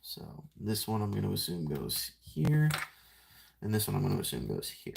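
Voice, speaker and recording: A man's voice: fairly low pitch, wildly swooping pitch, normal speed, vocal fry, a little mellow, a little hiss or hum. A young man chatting casually on a live stream while transforming a toy figure, rambling, self-mocking and greeting viewers by name.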